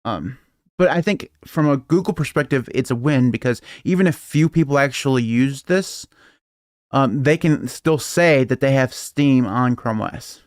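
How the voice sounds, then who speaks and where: Here a male podcast co-host chats casually about tech, wandering from point to point with frequent chuckles. The mid-range voice is a little mellow at a normal speed, recorded in studio quality without room sound.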